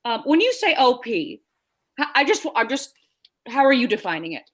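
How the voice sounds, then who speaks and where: A woman's voice: fairly high pitch, big pitch swings, normal speed. A woman improvising a rambling, hesitant school board head in a comedy scene over a video call. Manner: rambling, hesitant, full of fillers.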